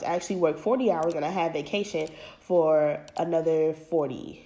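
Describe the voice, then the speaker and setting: A woman's voice: lowish voice, a little slow, darkish tone. A young woman hosting her own podcast, stuffy and congested from allergies, talking in a frank, profane way as she vents about being underpaid. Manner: frank and profane, venting about money troubles. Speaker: podcast host. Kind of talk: casual solo podcast monologue.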